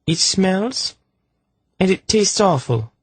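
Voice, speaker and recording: A petulant young woman in a sickbed sulks and snaps with sarcasm, her pitch swinging widely. A man reads her in a raised, slightly husky voice. The audiobook sound is close and dry. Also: big pitch swings, takes it slowly, no room sound, full character voice. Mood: sulky. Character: sulky, sharp-tongued young woman stuck in a sickbed. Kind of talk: audiobook character voice.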